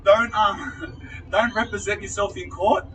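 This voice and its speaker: A man's voice: sits high, steady tone, measured pace, a bit bright, distant mic, a little hiss or hum, poor audio. A man with an Australian accent casually telling a rambling story, swearing and laughing at himself.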